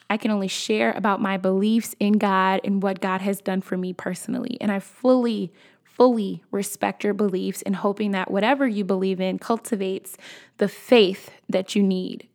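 A woman in her twenties, a podcast host, telling a personal story in a casual, animated way and talking straight to her listeners. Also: mid-range voice, vocal fry. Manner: animated, conversational, addresses listeners as y'all.

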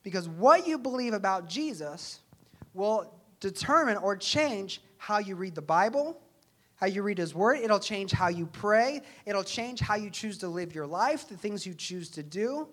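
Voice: medium pitch, lively intonation, measured pace. Earnest conversational preacher. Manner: conversational, earnest, asks rhetorical questions. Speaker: pastor. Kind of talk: sermon.

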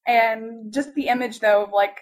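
A woman's voice: on the high side, moderate pace, poor audio. A young woman telling a funny story in casual chat, giggling often and full of fillers.

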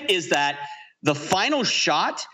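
A man's voice: high-pitched, sing-song, slow, bright, forceful tone. A man co-hosting a podcast, animatedly retelling a film's scenes in casual chat and laughing often. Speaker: podcast co-host. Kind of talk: casual movie-review chat.

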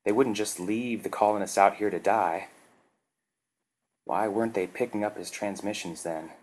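Male narrator, measured and dramatic, low voice, story reading. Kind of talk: scripted narration.

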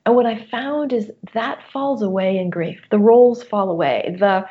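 A woman's voice: mid-range voice, animated, moderate pace, hardly any pauses. A middle-aged woman, a coach and guest, speaking candidly about personal loss in an earnest, open way with many restarts. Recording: muffled lo-fi audio.

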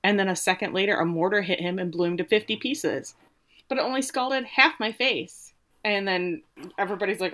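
A woman co-hosting a casual podcast, retelling a TV episode with lively quotes of the characters. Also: medium pitch, a little fast. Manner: animated retelling, quoting characters with playful voices. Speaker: podcast co-host recapping a TV episode. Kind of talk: casual chat.

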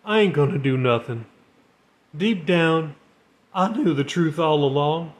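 A man's voice: on the high side, expressive, measured pace. A man voicing a demoted navy sailor who speaks plainly and shakily with regret in a storybook reading. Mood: resigned. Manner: plain-spoken, slangy, shaky with regret. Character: remorseful demoted male navy sailor, gruff.

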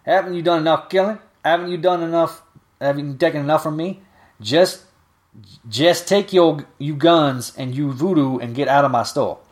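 A man's voice: normal speed, lightly acted. A man voicing a kind but fierce older woman shopkeeper, reading her lines in a raised voice with a Southern dialect. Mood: indignant. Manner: raised pitch, folksy dialect delivery.

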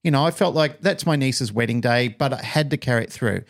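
This is a middle-aged man with an Australian accent, talking casually as a podcast co-host. He tells a personal story in an animated way and lends the people in it their own voices. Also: medium pitch, fairly quick, creaky.

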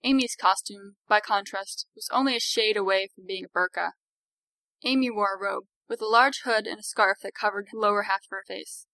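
A woman narrating a story in an expressive audiobook reading. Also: medium pitch, moderate pace, no room sound.

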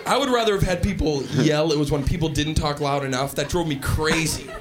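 A man doing stand-up comedy, telling stories in an animated way and acting out characters. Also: on the high side, fairly quick. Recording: live stand-up with roaring crowd and noise.

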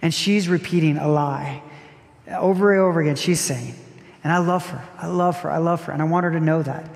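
A man preaching a sermon as a pastor, earnest and reflective, repeating key phrases with gentle emphasis. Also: fairly high pitch, fairly quick, vocal fry. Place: church sanctuary. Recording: long hall reverb with soft music behind.

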